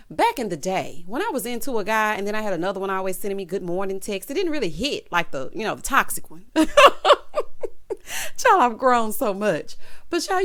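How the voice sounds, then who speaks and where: A young adult woman giving a sassy, animated recap of a TV episode, tossing in "child" and "honey". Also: medium pitch. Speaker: TV recap vlogger. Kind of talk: casual TV recap commentary.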